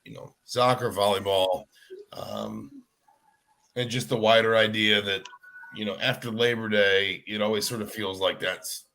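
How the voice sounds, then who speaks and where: A man's voice: lowish voice, fairly even intonation, measured pace, pushed and bright. A man joining a sports radio show as a guest, talking in a hedging, easygoing way. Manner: hedging, lots of you know and kind of. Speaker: guest reporter. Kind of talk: casual sports radio chat.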